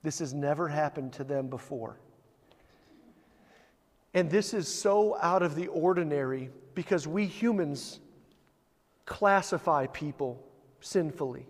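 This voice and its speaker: A man's voice: fairly high pitch, a little slow, long pauses, in a large hall. A man preaching a sermon as a pastor, telling the story vividly and building to emphatic points.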